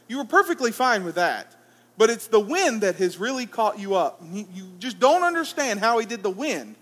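A man preaching to a congregation, reading scripture aloud and then talking it through in a relaxed, conversational way. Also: sits high. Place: church hall. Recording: reverberant church hall.

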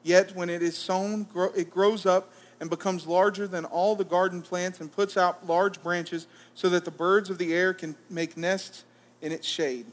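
A man preaching to a congregation, reading scripture aloud and then talking it through in a relaxed, conversational way. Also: sits high, unhurried. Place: church hall. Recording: reverberant church hall.

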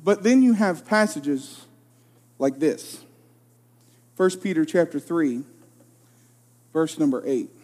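Young preacher in a reverberant hall. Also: male voice, a little high, expressive, takes it slowly, long pauses, darkish tone. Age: 20s. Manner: storytelling, emphatic, self-deprecating. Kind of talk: sermon with personal story.

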